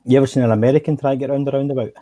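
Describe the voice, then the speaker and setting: Man, husky voice, casual sweary storyteller. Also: mid-range voice, steady tone, rapid-fire, dark tone, dry recording. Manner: swearing, anecdotal, laughs often. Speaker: gaming chat participant. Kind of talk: casual chat while gaming.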